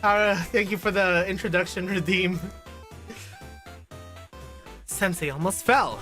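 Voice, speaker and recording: A woman streaming a video game, chatting casually and reading the game text aloud in an animated, gushing way, swearing now and then. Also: fairly low pitch, a little slow, pauses often, soft background music.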